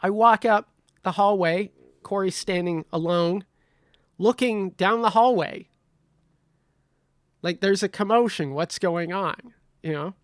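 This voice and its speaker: A man's voice: high voice, slow pace, pauses often, no echo, studio quality. A man telling a comedic story in a casual way, swearing freely and acting out the dialogue. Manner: animated, swears freely, acts out quoted dialogue. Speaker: podcast host.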